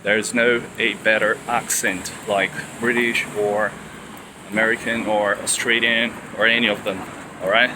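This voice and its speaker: A young Brazilian man with a Brazilian Portuguese accent talks to the camera in a casual vlog, filmed in a room in Australia with a noisy background. His voice is on the low side and flat, and he speaks slowly and deliberately, often rephrasing himself with fillers.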